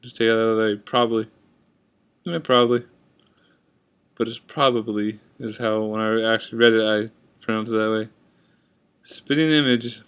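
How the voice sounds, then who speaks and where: Young-sounding guy, clear resonant voice, relaxed webcam vlog chatter, offhand and chatty. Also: medium pitch. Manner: reads word list, comments offhand. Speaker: vlogger. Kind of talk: casual accent tag video. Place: indoors at a computer. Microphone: webcam at computer.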